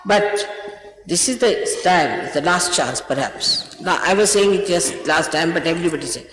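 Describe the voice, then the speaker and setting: A woman's voice: fairly low pitch, normal speed, fairly bright tone, echoey room, long reverb tail, a little hiss or hum, rough recording. An older woman, a spiritual teacher, scolding and urging her followers, emphatic, often repeating herself and laughing between remarks.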